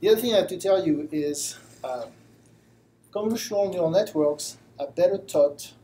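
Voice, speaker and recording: A man's voice: high-pitched, moderate pace, mellow, slight background noise, poor audio. A man with a French accent giving a live lecture to a study group, self-deprecating and explaining with simple examples. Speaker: guest lecturer. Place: room with a live audience.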